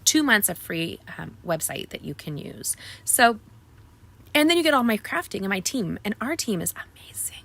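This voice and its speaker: Chatty bright-voiced craft host woman. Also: sing-song, moderate pace, vocal fry. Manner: chatty and rambling, many ums; upbeat sales pitch to viewers. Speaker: card making tutorial host. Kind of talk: casual live craft tutorial.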